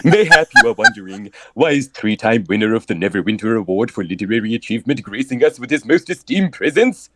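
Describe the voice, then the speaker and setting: A man's voice: lowish voice, very animated, fairly quick, hardly any pauses, fairly bright tone, dry recording. A man playing a grandiose, pompous male romance author who reads out florid erotic excerpts in ornate language. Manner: grandiose, theatrical, ornate wording.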